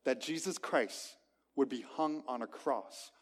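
A man preaching a sermon to a gathered congregation, emphatic, with sharp swings between loud and quiet. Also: takes it slowly, breathy edge. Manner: emphatic, dramatic swings in loudness and pitch. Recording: long reverb of a large hall.

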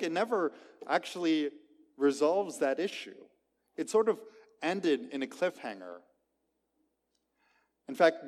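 A man preaching a sermon to a gathered congregation, emphatic, with sharp swings between loud and quiet. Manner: emphatic, dramatic swings in loudness and pitch. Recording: long reverb of a large hall.

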